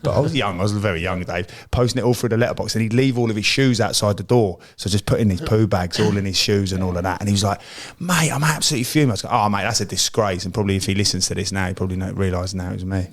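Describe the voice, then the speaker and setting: A man's voice: fairly low pitch, steady tone, very fast, few pauses. A middle-aged man from Britain, a former footballer, telling rambling, laughing anecdotes in casual podcast chat.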